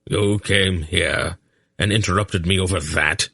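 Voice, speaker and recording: Cold, contemptuous old storybook grandfather, voiced by a male narrator, low and clipped. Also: unhurried, vocal fry, pushed and bright, husky, exaggerated voice. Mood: scornful. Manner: curt, contemptuous.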